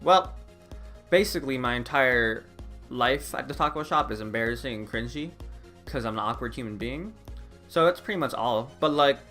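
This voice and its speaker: Young man, rambling vlog chat, bright tone, faint music behind. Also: medium pitch, expressive, normal speed. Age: young adult. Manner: rambling, heavy use of "like", frequent laughs. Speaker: vlogger. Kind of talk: casual chat.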